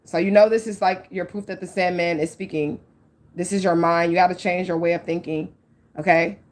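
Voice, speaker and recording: A woman with a slightly low voice gives a casual spiritual card reading. She talks straight to her viewers, blunt and profane, with lots of "like" and "okay?" between thoughts. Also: fairly even intonation, fairly quick. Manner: frank and profane, with many likes and okays; earnest, speaks straight to the audience. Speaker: psychic tarot reader.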